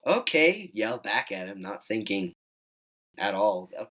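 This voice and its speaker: Teen guy, kinda low voice, telling a hunting story all animated, goes higher doing what people said. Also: unhurried, poor audio. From Wyoming. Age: teens. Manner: animated, acts out quoted dialogue in higher voice. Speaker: guest hunter. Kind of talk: casual storytelling.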